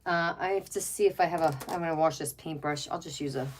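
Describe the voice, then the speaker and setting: Woman, middle-aged, craft livestream host, casual rambling chat, gushing over pets, webcam at home, lowish voice. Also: fast, noisy background. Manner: rambling and chatty, gushes over pets, many fillers. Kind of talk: casual chat while crafting, reading viewer comments.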